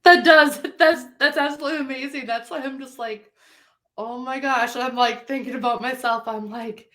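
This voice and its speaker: A bubbly woman hosts an interview over a video call, laughing often and filling her talk with "like." Her voice sits a little high, and she gushes about what her guest tells her. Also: fairly even intonation, moderate pace, pushed and bright. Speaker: podcast host. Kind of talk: casual interview chat.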